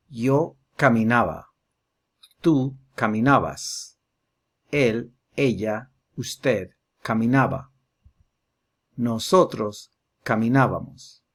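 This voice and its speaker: A man teaching a Spanish grammar lesson, slowly drilling verb forms one at a time. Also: mid-range voice. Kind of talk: slow explanatory grammar lesson.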